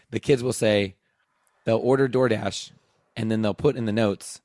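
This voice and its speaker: Laid-back teacher telling a rambling story. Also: male voice, on the low side, steady tone, slow, a little mellow, dry recording, studio quality. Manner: rambling, laughing mid-story, acting out dialogue. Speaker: teacher and podcast host. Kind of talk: casual storytelling chat.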